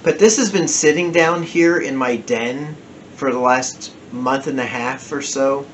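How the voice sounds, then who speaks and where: A man with a New Jersey accent talks slowly and loosely, drifting off and correcting himself mid-sentence. It is a relaxed home review, told at an easy, unhurried pace. A faint ambient hum sits behind him. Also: mid-range voice. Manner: rambling, self-correcting, chatty. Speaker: whiskey reviewer. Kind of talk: casual home review vlog. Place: home den.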